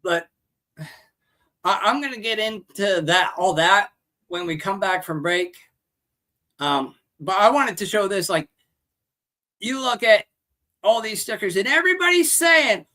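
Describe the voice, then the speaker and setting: A male host delivers a profane, loud rant that turns into a blunt sales pitch. He talks slowly and leans on each point, and his voice is bright and forceful. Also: expressive. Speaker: show host.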